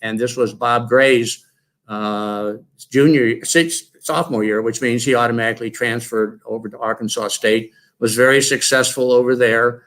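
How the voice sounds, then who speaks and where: An older man, a former coach, giving a tribute speech at an induction and telling stories in a lively way. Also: mid-range voice, moderate pace. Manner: storytelling, lively retelling.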